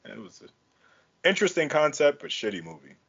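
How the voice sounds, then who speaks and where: A man hosting a podcast in casual chat, talking in a profane, slangy, animated way. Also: fairly high pitch, brisk, gravelly, breathy edge, dull audio. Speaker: podcast host.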